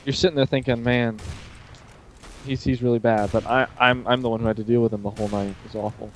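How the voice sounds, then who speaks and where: A man with a hoarse throat co-hosting a casual chat between friends, joking, teasing and rambling. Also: on the low side, fairly even intonation, very fast, slight background noise, low-quality recording. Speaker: podcast co-host.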